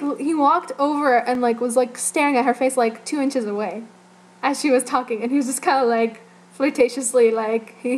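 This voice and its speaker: A young woman giving a casual, giggly fan report about an event she attended, full of "like" and gushing asides. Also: fairly high pitch. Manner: giggly, gushing, heavy use of "like". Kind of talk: casual spoken recap.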